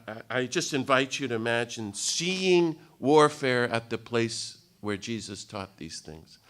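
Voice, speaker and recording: A man in his fifties giving a storytelling talk to an audience at a retreat day, animated and self-mocking with humor. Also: medium pitch. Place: meeting room with live audience.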